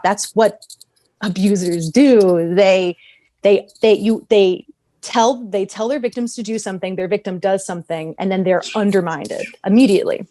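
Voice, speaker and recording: A woman's voice: medium pitch, steady tone, normal speed, dark tone, no room sound. A woman talking on a podcast panel in a passionate, rambling way, restarting her sentences often. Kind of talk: casual podcast discussion.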